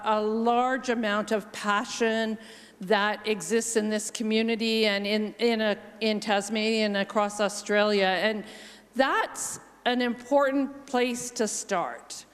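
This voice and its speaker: Kobieta z kanadyjskim akcentem, pogłos sali. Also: female voice, on the high side. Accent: Canadian. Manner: thoughtful, measured, with frequent ums. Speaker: panellist. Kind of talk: conference panel answer. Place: large conference hall. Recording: long hall reverb.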